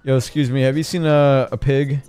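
A young man streaming a game with a friend, drunk, loud and panicky, repeating himself when excited. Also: medium pitch, fairly quick, faint music behind. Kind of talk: casual gaming chat.

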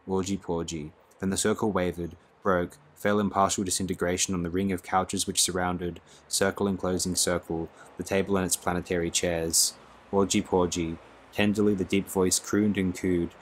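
A man's voice: deep voice, little pitch movement, normal speed, hardly any pauses, a little hiss or hum. A man narrating a novel as an audiobook, reading expressively. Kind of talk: scripted narration.

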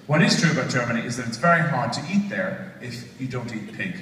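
A man's voice: medium pitch, lively intonation, fast. A man in his forties with an Irish accent, doing live stand-up comedy in a sardonic, rambling, self-mocking way. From Ireland. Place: large theatre. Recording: distant echoey theatre recording from the audience, noisy.

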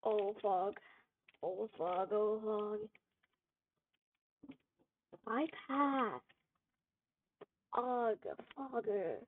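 A woman giving gameplay commentary, frustrated, swearing and yelling at the game. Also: medium pitch, extremely slow, long pauses. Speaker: gamer. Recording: tinny phone-like audio with faint noise.

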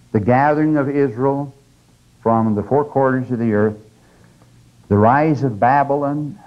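A man giving a recorded religious lecture to a live audience, earnest and exhorting, who slows down for quotations and stresses key words. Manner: earnest, exhorting, with sudden rises in pitch and stress; slows down for quoted scripture and sayings. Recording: dull lo-fi 1989 lecture tape.

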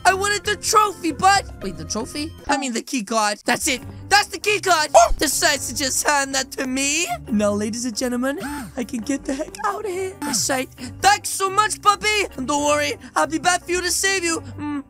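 Hyped woman doing roblox roleplay commentary, high voice, faint music under it. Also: normal speed, hardly any pauses. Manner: animated, excitable, talks to viewers as "guys". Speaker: game role-play narrator. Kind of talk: role-play game narration with running commentary to viewers.

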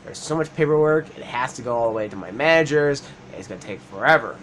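A man's voice: mid-range voice, lively intonation, fast talker, fairly bright tone, slight background noise, lightly acted. A man voicing an exasperated, overworked video game character who complains. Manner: fed-up, complaining.

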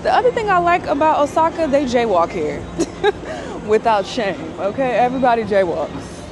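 A woman's voice: fairly high pitch, big pitch swings, moderate pace, crowd noise. A young adult woman vlogging casually outdoors on a city street, chatty and often laughing. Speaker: travel vlogger. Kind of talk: casual vlog chat while walking outdoors. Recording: clear city street noise behind.

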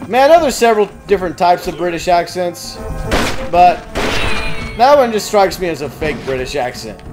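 Cursing, high-voiced gamer man. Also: very animated, moderate pace, over music. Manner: profane, yelling and cursing at the game. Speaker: gaming let's-play host. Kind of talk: casual gameplay commentary.

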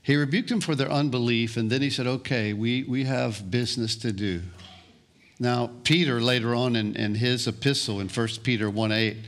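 A male pastor preaching a sermon, slow and deliberate, often restarting and repeating words. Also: mid-range voice, fairly bright tone.

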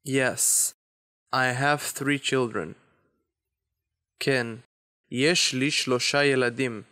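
A man giving a beginner language lesson, explaining grammar slowly and deliberately with example phrases. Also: mid-range voice, fairly even intonation, pushed and bright, clear, resonant tone, dry recording, clean studio sound. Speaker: Hebrew teacher.

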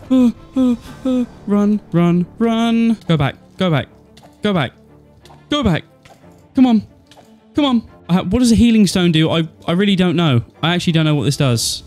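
Guy narrating his game, high voice, gets all nervous and excited, talks to himself. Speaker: gaming YouTuber. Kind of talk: let's-play commentary.

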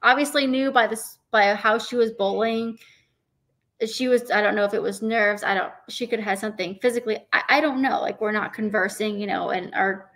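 A woman's voice: mid-range voice, brisk, a bit bright. A woman from Arizona, a professional bowler and guest, telling a story in a casual interview and acting out her own thoughts.

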